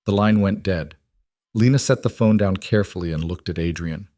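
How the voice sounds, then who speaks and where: A man narrates a romance story in a steady, even storytelling manner. His voice is low and the recording dry, with no room around it. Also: normal speed, no room sound. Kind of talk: scripted narration.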